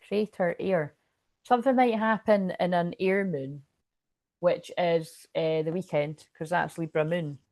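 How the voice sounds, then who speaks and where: A woman's voice: fairly low pitch, steady tone, measured pace, a little mellow, dry recording, clean studio sound. A Scottish woman giving a casual, rambling tarot reading to camera. She often breaks into laughter. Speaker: tarot reader.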